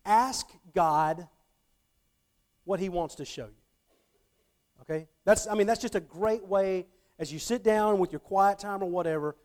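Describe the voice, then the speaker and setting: A man with a fairly high voice for his sex, teaching the Bible in an easy, conversational way. He keeps checking in with his listeners and doubles back on words as he finds his phrasing. He sounds middle-aged and talks like a teacher leading a group. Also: a little slow, long pauses, darkish tone. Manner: checks in often with the audience, repeats words on restarts.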